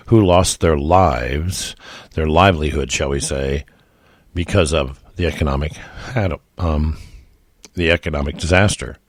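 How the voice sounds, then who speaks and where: Deep-voiced folksy man ranting solo. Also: no echo, studio quality. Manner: folksy, emphatic, addresses listeners as folks. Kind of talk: opinionated solo monologue.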